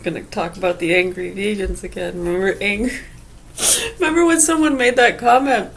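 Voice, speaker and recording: A woman's voice: medium pitch, normal speed, a little hiss or hum. A woman rambling in a casual vlog monologue, crude and profane, laughing often, with a slight whistle through gaps in her teeth. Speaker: vlogger.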